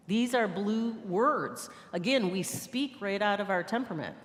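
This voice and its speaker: Female speaker, lively sermon delivery with acted-out quotes, in a reverberant sanctuary. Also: a little high, normal speed, hardly any pauses. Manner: lively, laughing, acts out quoted voices. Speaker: guest speaker. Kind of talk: sermon with banter. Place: church sanctuary. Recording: long church hall reverb.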